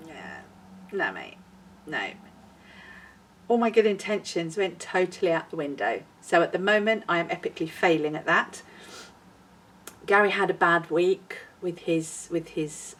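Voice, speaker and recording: A woman's voice: lowish voice, fairly bright tone, breathy edge. A woman hosting a knitting podcast, chatting in a rambling and self-deprecating way. She sounds like she is outdoors in a windy garden. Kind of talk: casual chat. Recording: voice a little far from the mic.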